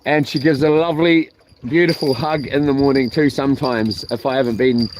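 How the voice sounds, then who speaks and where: A man's voice: medium pitch, fairly even intonation, a little fast, background noise. A man chatting to camera while fishing from a boat, rambling and playful. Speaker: fishing vlogger. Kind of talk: casual chat to camera. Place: outdoors on a boat at sea.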